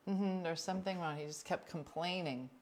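A woman with a slightly low voice hosts a casual livestream, reading out viewer comments and answering each person by name. She talks bluntly and with a joking edge, jumping from loud outbursts to quiet asides. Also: normal speed. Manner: chatty, blunt, jokey, addresses viewers by name.

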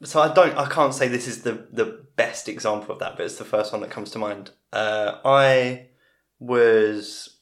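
A man's voice: mid-range voice, unhurried. Rambling man in his forties. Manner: rambling, self-interrupting storyteller. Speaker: guest. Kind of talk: casual storytelling in a podcast interview. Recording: roomy podcast recording.

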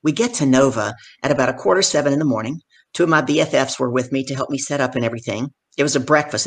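A middle-aged woman, a professional speaker and guest, telling stories from her career in animated conversation and acting out the people in them. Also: a bass voice, breathy edge. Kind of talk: conversational storytelling.

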